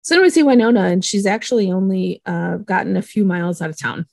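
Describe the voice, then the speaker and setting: A woman's voice: medium pitch, lively intonation, fast, vocal fry, no echo. A woman co-hosting a casual podcast, talking expressively and laughing easily. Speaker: podcast co-host. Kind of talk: casual chat.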